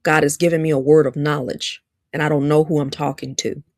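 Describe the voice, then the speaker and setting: A woman leads a lively teaching talk in a playful, preacher-like way, repeating her key lines for emphasis. Her voice sits fairly low. The sound is dry and close, with no room echo. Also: fairly quick. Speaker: relationship teacher and host.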